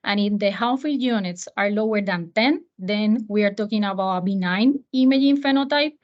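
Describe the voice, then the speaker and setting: Female doctor, Spanish accent, measured lecture delivery, muffled lo-fi sound. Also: mid-range voice. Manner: measured, with occasional fillers. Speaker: physician presenter. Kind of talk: medical lecture. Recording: muffled lo-fi audio.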